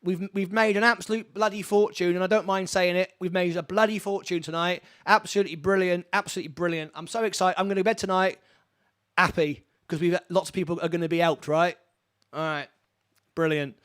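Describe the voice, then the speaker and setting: A man hosting a live-streamed charity fundraiser from his studio, rambling excitedly and laughing often. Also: sits high, brisk, clear, resonant tone. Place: home studio.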